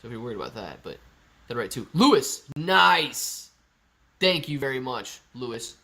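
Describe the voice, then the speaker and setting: A man's voice: medium pitch, very animated, moderate pace, vocal fry, pushed and bright. A young man hosting a live stream, reading viewer comments aloud and answering in a chatty, laid-back way. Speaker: livestream host reading chat. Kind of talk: casual live stream chat.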